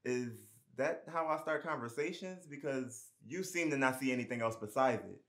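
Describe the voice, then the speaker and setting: A man performing his spoken word poetry, rhythmic and impassioned, moving between hushed lines and raised, forceful ones. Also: mid-range voice, moderate pace. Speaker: poet.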